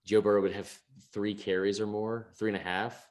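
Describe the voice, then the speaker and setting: This sports podcast co-host is a young man with a fairly low voice that stays fairly flat in pitch, moving at a moderate pace. The talk is casual and meandering, peppered with swearing, frequent restarts, and laughter at his own expense.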